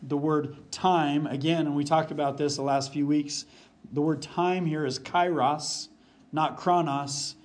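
A male pastor preaching with a slightly high voice. He speeds up and slows down, repeats short phrases for emphasis, and goes low and quiet for scripture. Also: fairly even intonation. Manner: varies pace and volume, drops low for quoted verses. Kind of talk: sermon.

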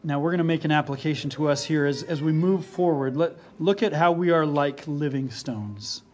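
A man preaching a sermon as pastor, earnest and deliberate, repeating key phrases for emphasis. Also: a little high, a little mellow, slight background noise. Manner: slow and deliberate.

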